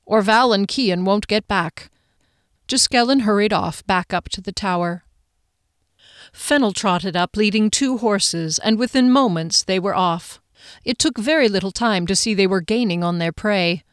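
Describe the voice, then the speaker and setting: A woman narrating a fantasy audiobook in a measured storytelling manner. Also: medium pitch, smooth, dry recording. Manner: measured storytelling, voices each character. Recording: dry close studio sound.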